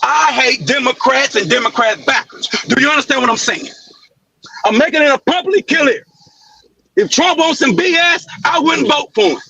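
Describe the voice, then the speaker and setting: A man arguing heatedly as a guest on a livestream debate, shouting aggressively and repeating himself. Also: very high voice, animated, moderate pace, vocal fry, no room sound, low-quality recording. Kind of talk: heated argument.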